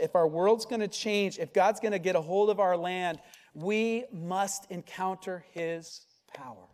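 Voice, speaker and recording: A man's voice: high-pitched, darkish tone. A male pastor preaching a sermon in a church, driving his points home with emphatic rhetorical questions. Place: church sanctuary. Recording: long hall reverb.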